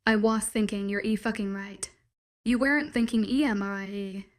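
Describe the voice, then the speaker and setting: A woman reading the lines of a protective young male town leader in a werewolf story, gentle and worried. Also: mid-range voice, steady tone, normal speed, natural voice. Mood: scolding. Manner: gentle, worried, then scolding.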